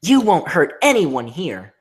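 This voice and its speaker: A man's voice: fairly high pitch, wildly swooping pitch, slow, voice pushed up, heavily acted. Brave pony heroine, as a man puts her on. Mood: defiant. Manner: loud earnest exclaiming. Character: brave, steady young female pony leader.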